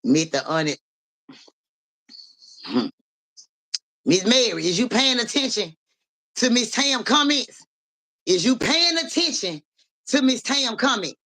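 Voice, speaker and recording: Sharp-voiced woman reader talking street slang. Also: fairly high pitch, sing-song, slow pace, long pauses. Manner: profane street slang, keeps asking "you hear me"; calls out viewers by name. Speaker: livestream psychic reader. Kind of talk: casual livestream talk.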